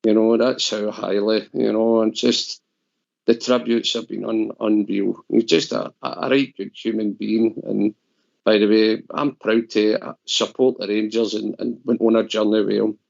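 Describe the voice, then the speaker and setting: A man's voice: on the low side, level tone, normal speed, vocal fry, a little mellow. A Scottish man presenting on a call-in show, emotional and rambling. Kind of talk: casual call-in chat. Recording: dull lo-fi stream audio.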